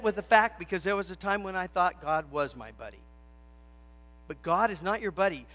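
Guy preaching in church, punchy repeated lines, bright and kinda high. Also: animated, a little fast. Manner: emphatic, repeats key phrases. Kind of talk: sermon with a told joke.

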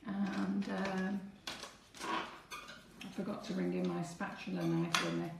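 A woman's voice: fairly low pitch, little pitch movement, a little slow, vocal fry, recorded from a distance, heavy background noise. A woman teaching cake decorating on a live stream, chatting to viewers as she works through each step. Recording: echoey room, away from the mic.

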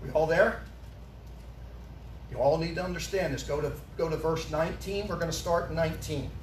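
A male pastor preaching a sermon, emphatic and questioning his congregation, at times rising to a shout. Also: fairly high pitch, steady tone, moderate pace, slight background noise. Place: church sanctuary. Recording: echoey room, far from the mic.

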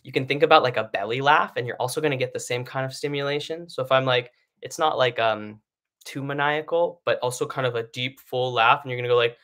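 Speaking fast over a live stream setup, this male vocal coach explains breathing exercises in a relaxed, chatty lesson. His bright, forward voice stays at a normal mid pitch, and he scatters fillers throughout, often pausing to ask "right?"

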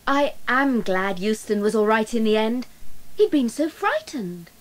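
Gentle woman presenter. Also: on the high side, big pitch swings, measured pace, faint music behind. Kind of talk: scripted children's talk.

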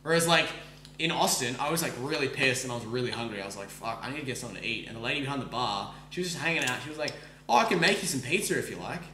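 An Australian man hosting a podcast, telling a story in fast casual speech full of likes, swearing and restarts. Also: medium pitch, lively intonation, pushed and bright, reverberant, slight background noise. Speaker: podcast host. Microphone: streaming microphone.

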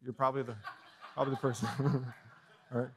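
A man preaching a sermon as pastor in a church, bold and fiery, swinging from loud proclamations to quiet asides and jokes with the congregation. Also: mid-range voice, flat delivery, fast talker, gravelly. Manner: joking with the congregation. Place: church sanctuary.

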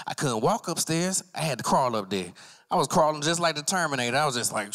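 Male stand-up at an open mic, mid voice, loose profane storyteller who leaps high to play other people in his stories. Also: fast, a bit bright. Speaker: stand-up comic. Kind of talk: stand-up comedy set. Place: comedy night stage at an arts center.

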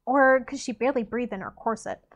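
A woman podcast host reads a novel aloud in a casual, unpolished style. She stumbles and restarts now and then, in a somewhat high voice. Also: brisk. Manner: unpolished reading with restarts and asides.

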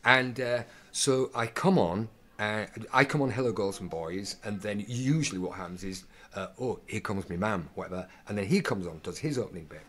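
A man, an actor guest, telling animated anecdotes in an interview, stumbling and restarting often. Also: on the low side. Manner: animated, halting with many restarts, acts out voices in quotes.

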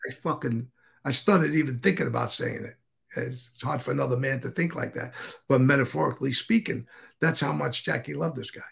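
A man's voice: medium pitch, a little fast, gravelly, fairly bright tone. A man as an interview guest, telling stories casually in a rambling way, swearing freely and restarting sentences.

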